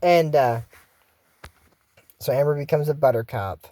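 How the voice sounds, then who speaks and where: A YouTuber rambles through a cartoon episode recap, full of fillers and sudden asides. The voice is mellow and relaxed, at a middle pitch. The recording is dry and close. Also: unhurried, no echo. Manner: rambling, many fillers, acts out quotes.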